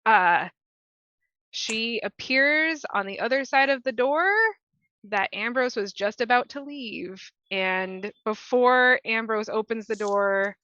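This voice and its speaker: A woman playing in a tabletop role-play, slowly describing her character's actions. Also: fairly high pitch, sharp tone, dull audio. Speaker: player.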